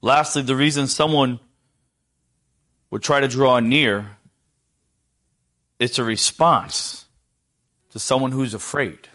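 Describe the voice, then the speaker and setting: Preaching slowly and leaving long pauses, a middle-aged man speaks at a medium pitch. He throws rhetorical questions at his congregation and softens to near silence for gentle quotations.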